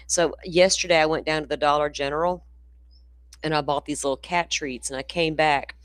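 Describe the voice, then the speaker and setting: Chatty grandma, dry sound. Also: female voice, sits low, no room sound. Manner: chatty, folksy, addresses viewers as y'all. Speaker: true crime channel host. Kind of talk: casual livestream chat. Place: indoors at home in the country.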